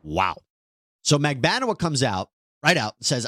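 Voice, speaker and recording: A man hosting a legal news breakdown, narrating a trial with animated, incredulous rhetorical questions. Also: medium pitch, measured pace, no echo, clean studio sound.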